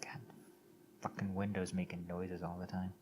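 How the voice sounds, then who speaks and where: A man's voice: low voice, completely flat delivery, normal speed, over music. A man co-hosting a casual podcast chat with a dry, sarcastic manner. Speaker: podcast co-host.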